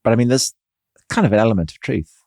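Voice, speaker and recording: A man co-hosting a history podcast, adding measured, wry comments. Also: mid-range voice, lively intonation, creaky, warm tone, no room sound, studio quality. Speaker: podcast co-host.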